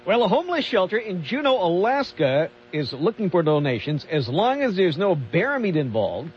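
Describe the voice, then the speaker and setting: A man reads quirky news items on a talk radio show. He keeps a dry, deadpan delivery in a notably high voice. The sound is dull and lo-fi, with a faint hum. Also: moderate pace.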